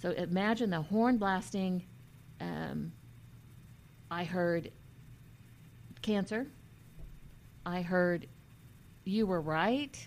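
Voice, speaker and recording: A woman's voice: lowish voice, creaky, a little hiss or hum. Earnest woman telling a personal story. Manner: earnest, halting, with many restarts. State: emotional, near tears at times. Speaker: vlogger.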